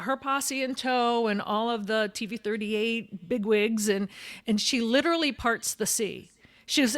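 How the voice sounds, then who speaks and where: A woman's voice: medium pitch, fairly bright tone. A woman, co-hosting a podcast and telling a story in casual chat, acting out the voices of the people in it. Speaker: podcast co-host.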